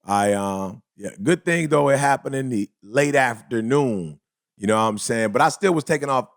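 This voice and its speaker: A man in a relaxed podcast conversation, spinning an everyday story with slang and playful acted-out quotes. His voice sits at an ordinary middle pitch. The sound is dry and close, with almost no room echo. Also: moderate pace, vocal fry. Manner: animated storyteller, acts out other people's lines, slangy. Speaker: podcast co-host. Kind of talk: casual podcast chat.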